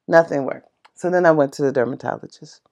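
A woman casually telling a personal story in an excitable, passionate way, laughing as she talks. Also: sits low, fairly quick. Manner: animated, excitable, laughs while talking; passionate and chatty.

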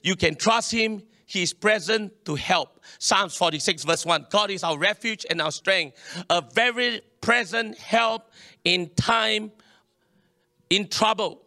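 A man preaching a sermon in a church, animated and calling on the congregation to respond. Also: high-pitched, slow pace, creaky, no room sound, clean studio sound. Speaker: pastor.

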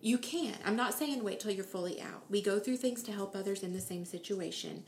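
A woman's voice: medium pitch, fairly quick, roomy sound, a little hiss or hum. A woman in her thirties sharing a personal faith testimony in earnest, emotional storytelling, acting out the quoted voices of others.

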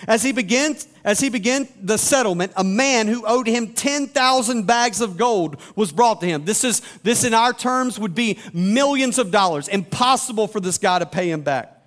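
A man's voice: high voice, animated, moderate pace, a bit bright. A man preaching a sermon as a pastor, reading scripture aloud and explaining it with rhetorical questions.

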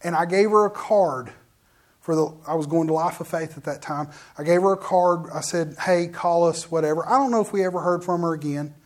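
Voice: mid-range voice, fairly quick. A middle-aged minister tells a story as a sermon testimony. The minister talks straight to the congregation, with asides and frequent restarts. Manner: animated storytelling, often restarts mid-sentence; addresses the audience directly with asides.

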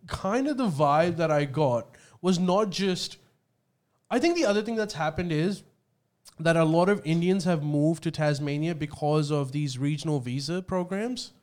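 Animated man telling stories, fairly high voice. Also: normal speed. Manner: animated storytelling, swearing freely. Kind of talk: casual chat.

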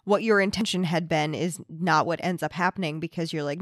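A woman's voice: sits low, a little fast, no echo, clean studio sound. A woman co-hosting a book podcast, chatting casually about a romance novel and often restarting her sentences. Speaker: podcast co-host.

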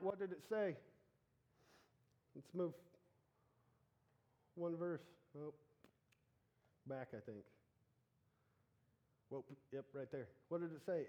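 A man preaching a casual sermon, animated and joking as he talks straight to the congregation. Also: fairly high pitch.

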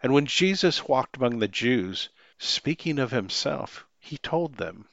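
A man hosting a podcast, giving a measured, scripted Bible teaching. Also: mid-range voice, animated, gravelly, fairly bright tone, no room sound, lo-fi sound. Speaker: podcast host.

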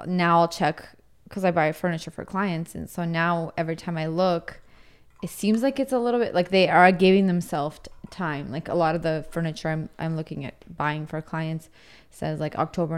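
A woman's voice: low-pitched, fairly even intonation, normal speed, clean tone. A woman co-hosting a podcast in an office, talking about her work in a chatty, easygoing way. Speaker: podcast co-host, furniture buyer for clients. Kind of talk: casual chat.

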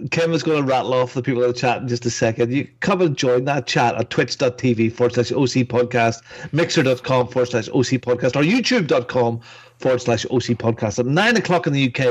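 A man hosting a casual gaming podcast, rambling as he reads out names from the chat and corrects himself. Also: medium pitch. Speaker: podcast host.

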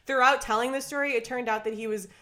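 A young Minnesota woman co-hosting a podcast tells a long story in casual chat, her voice fairly high and fast. She's animated, acting out everyone's lines and saying "like" constantly.

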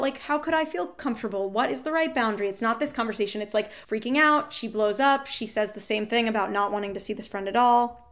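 A woman telling a frank, animated story about fights with her partner, quoting both sides, swearing and laughing ruefully. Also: a little high. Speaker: guest seeking advice. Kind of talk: candid emotional storytelling.

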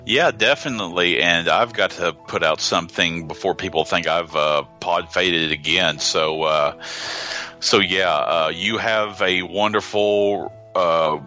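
A man as a podcast guest, talking casually in a halting way with many pauses and restarts. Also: low voice, sharp tone, faint music behind. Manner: halting, lots of fillers and restarts.

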